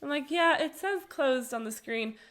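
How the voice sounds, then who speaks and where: A woman telling a travel story on a podcast, animated and full of laughter. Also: sits high, moderate pace. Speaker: podcast co-host. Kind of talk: casual storytelling chat.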